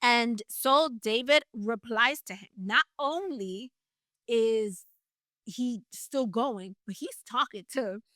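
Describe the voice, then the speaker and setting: A woman retells a Bible story in an easy, conversational way, stopping for playful asides. Her voice is bright and forward and sits a little high, and the sound is close and dry. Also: slow pace, no room sound.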